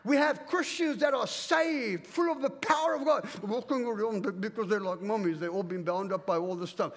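A man from Africa preaching a fervent, commanding sermon in a church, swinging between loud and hushed. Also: sits high, normal speed. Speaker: pastor. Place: church auditorium. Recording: reverberant church hall.

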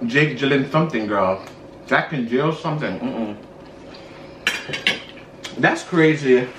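A sassy man chatting over a meal, drawling out his words and calling everyone honey. His voice is animated and swoops around. It sounds roomy and set back from the mic, with a faint hiss. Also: mid-range voice, takes it slowly. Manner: sassy, drawling, peppering lines with honey and girl. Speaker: co-host. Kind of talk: casual mukbang chat. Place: indoors at a dining table. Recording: roomy, slightly distant, faint noise.

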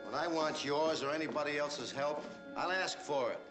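A man's voice: fairly high pitch, normal speed, over music, natural voice, rough recording. An actor playing a cocky, wisecracking tough-guy man in a 1960s Hollywood film, talking in a sarcastic, needling way. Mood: mocking.

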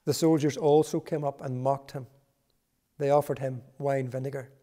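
A man reading a Bible passage aloud in a church service, measured and solemn. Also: mid-range voice, fairly even intonation, warm tone. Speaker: scripture reader.

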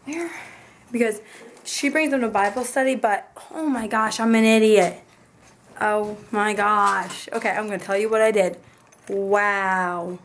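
Hoarse young mom vlogging. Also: female voice, mid-range voice, steady tone, a little slow, fairly bright tone, a little hiss or hum. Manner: chatty and rambling, with many asides. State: hoarse, losing her voice. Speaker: family vlogger, mother of a baby. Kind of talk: casual vlog chat to camera. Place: at home. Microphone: handheld camera.

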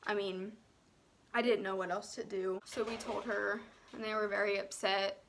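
A young woman tells her own story in an emotional vlog. She sounds close to tears and speaks haltingly, often dropping to a near whisper and filling pauses with "um" and "like.". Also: medium pitch, flat delivery, gravelly, fairly bright tone, a little hiss or hum. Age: young adult. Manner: frequent "um" and "like" fillers.

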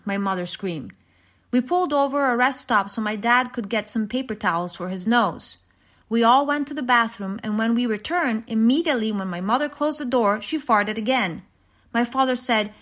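A woman reading a short story aloud in an even, measured way, with small restarts. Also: a little high. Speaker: reader.

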